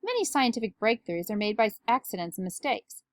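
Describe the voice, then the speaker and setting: A woman reading a storybook aloud, voicing a kind schoolteacher in a gentle, reassuring way. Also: fairly high pitch, big pitch swings, fairly quick, dry recording, studio quality.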